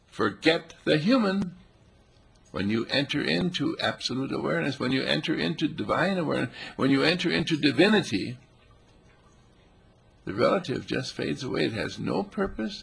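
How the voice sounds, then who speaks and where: Man, spiritual teacher, gravelly and raspy, lively up-and-down pitch, playful. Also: normal speed. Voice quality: gravelly, husky. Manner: playful, animated, voicing animals and quotes. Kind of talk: spiritual talk.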